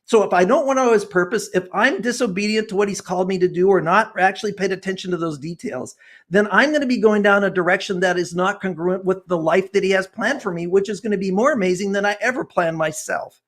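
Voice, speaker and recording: A man's voice: high-pitched, fast, fairly bright tone. A man in his sixties, a guest author speaking in an interview, earnest and fervent, talking like a preacher. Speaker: guest author and personality expert. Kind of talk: passionate interview talk.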